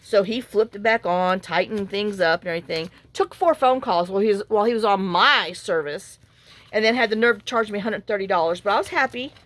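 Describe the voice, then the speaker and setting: A woman, talking in a casual, rambling way while she works on a craft project at home. She tells a story frankly, with sighs and asides. Her voice sits at an ordinary middle pitch. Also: fairly quick, fairly bright tone. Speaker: crafting vlogger.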